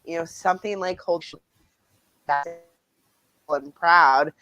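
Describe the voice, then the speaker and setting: Low-voiced woman author, lively. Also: slow, no room sound, low-quality recording. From Canada. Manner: animated, laughing, acts out quoted voices. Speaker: author guest. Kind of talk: casual interview talk.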